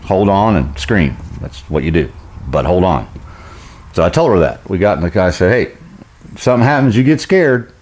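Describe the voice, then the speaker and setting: A man's voice: low voice, animated, moderate pace, a little mellow. A middle-aged man telling a rambling, folksy story, chuckling often as he goes. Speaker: vlogger. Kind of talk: casual storytelling.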